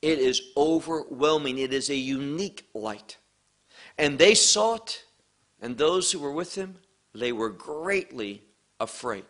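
A man preaching a sermon, teaching from scripture with slow, emphatic phrasing. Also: a little high, lively intonation, fairly bright tone.

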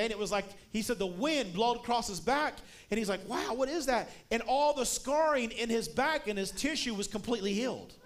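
High-voiced preacher telling a story. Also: male voice. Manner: storytelling, building to shouted emphasis. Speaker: guest preacher. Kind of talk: sermon.

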